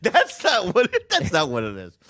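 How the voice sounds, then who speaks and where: A man's voice: sits high, huge pitch swings, moderate pace, creaky, sharp tone, dry recording, studio quality. A man chatting casually as a guest, laughing often and restarting his sentences. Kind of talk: casual chat.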